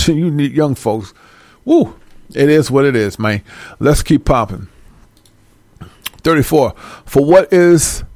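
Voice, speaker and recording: A man's voice: fairly high pitch, no room sound, studio quality. A man preaching in a blunt, profane and scolding way, stopping to read scripture aloud and repeating words for stress. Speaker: religious teacher. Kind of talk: street-style preaching with scripture reading.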